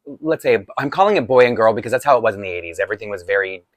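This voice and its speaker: A man's voice: on the low side, animated, very fast, dry recording. A man in his forties telling a personal childhood story in a chatty, confessional way, laughing often. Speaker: vlogger. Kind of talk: storytime vlog.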